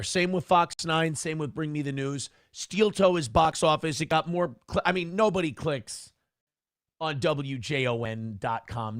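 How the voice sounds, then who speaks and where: A man with a notably high voice, bragging through a monologue. He taunts and repeats himself in loops, recorded dry and close. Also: no echo. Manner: taunting, repeats phrases over and over. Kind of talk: boastful monologue.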